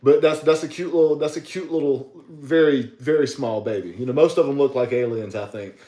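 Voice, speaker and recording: A man's voice: mid-range voice, a little fast, dark tone, roomy sound. A man, co-hosting a podcast in casual chat, stammering and repeating words. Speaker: podcast co-host.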